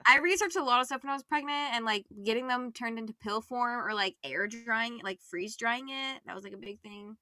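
A woman's voice: fairly high pitch, fairly quick, few pauses, sharp tone, no echo, clean studio sound. A young woman and mother co-hosting a podcast in casual chat, who also reads a book blurb aloud. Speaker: podcast co-host.

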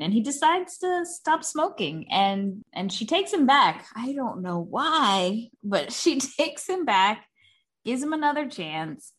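A woman's voice: on the low side, a bit bright. A woman co-hosting a casual movie podcast, candid and blunt, laughing often and swearing casually. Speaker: podcast co-host. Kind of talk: casual chat.

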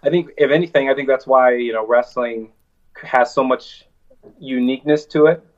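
Male wrestler guest, rambling storyteller, mid-pitched voice, dull lo-fi remote line. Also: normal speed. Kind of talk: casual interview chat.

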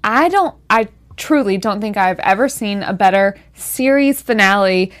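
A woman's voice: mid-range voice, lively intonation, moderate pace. A woman co-hosting a TV after-show, gushing and emphatic as she talks. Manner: gushing, emphatic, uses y'all. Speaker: co-host. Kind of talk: casual TV after-show chat.

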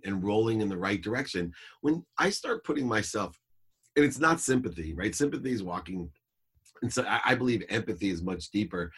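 A man's voice: lowish voice, husky. A middle-aged man talking as a guest in a podcast interview, telling a personal story in an earnest, reflective and emphatic way.

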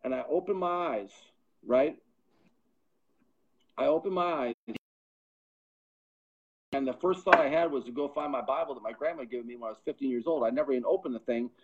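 A middle-aged man with a medium-pitched, slightly rough voice talks briskly but pauses often. As a podcast guest and pro football scout, he earnestly gives a personal testimony, often repeating words as he gains momentum. The sound is dull and lo-fi.

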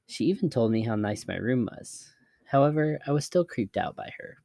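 A man reads scary stories aloud in a measured, steady way. His voice sits fairly low, and the recording is dry with no room sound. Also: no echo. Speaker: narrator. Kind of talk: scary story narration.

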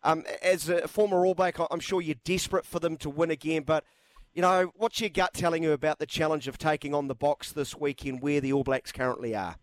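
A man hosting a radio sports talk show, asking measured questions with frequent "um"s. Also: fairly high pitch, fairly even intonation, no echo, low-quality recording. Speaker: radio host.

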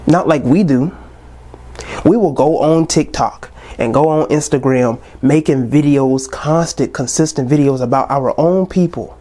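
Young male podcast host in his twenties, preachy ranting tone, slightly high and mellow. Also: measured pace. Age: 20s. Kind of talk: casual podcast monologue.

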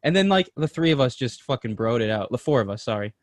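A man co-hosting a podcast, telling a story in an excited, animated way with plenty of slang and swearing. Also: medium pitch, fast, dry recording. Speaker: podcast co-host. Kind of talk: casual storytelling chat.

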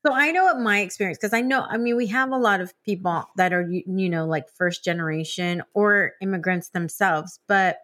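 A woman from San Diego hosting a casual interview, chatty and animated as she tells stories with laughs. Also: mid-range voice, fairly quick, hardly any pauses. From San Diego, California. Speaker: podcast host.

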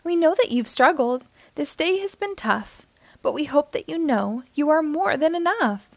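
Woman reading as warm little sea friends from a children's storybook, high and soft, dry close mic. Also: lively intonation, normal speed, vocal fry, no room sound. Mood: reassuring. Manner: soft, reassuring sing-song. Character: kind group of young sea-creature friends, encouraging.

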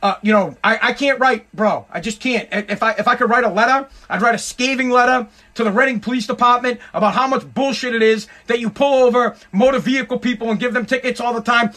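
A man's voice: very high-pitched, quick pace, few pauses, sharp tone. A man hosting a solo podcast, ranting in an exasperated, heavily profane way. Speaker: podcast host.

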